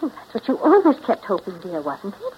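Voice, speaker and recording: An actress in 1940s radio drama style playing an impulsive, emotional young woman pleading with her lover, her voice breathy and tearful. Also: mid-range voice, wildly swooping pitch, brisk, slight background noise. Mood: anguished. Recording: dull lo-fi old radio recording.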